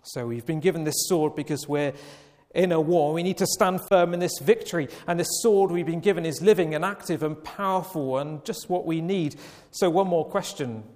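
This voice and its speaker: A man preaching a Sunday evening sermon, slow and emphatic, with long pauses. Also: a little high, a little mellow. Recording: long reverb of a church hall.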